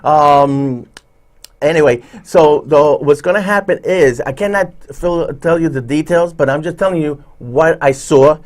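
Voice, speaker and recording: A man's voice: a little high, a little slow. A man, hosting a casual talk show and telling rambling stories full of fillers and restarts. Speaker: show host, background actor. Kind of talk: casual chat, storytelling.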